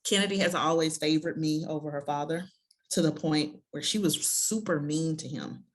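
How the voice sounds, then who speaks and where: A woman's voice: deep voice, moderate pace. A woman in her thirties, a podcast guest, telling parenting stories casually and often acting out quoted voices. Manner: acts out her child and herself in quoted voices, laughs often. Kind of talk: casual conversational storytelling.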